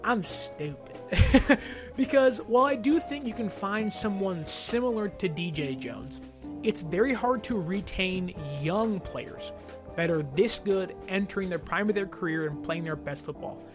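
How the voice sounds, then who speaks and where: A man with a notably high voice hosts a casual sports talk segment. He thinks aloud, weighing options and hedging between firm calls. Music plays clearly under his voice. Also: lively intonation, moderate pace. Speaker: sports podcast host.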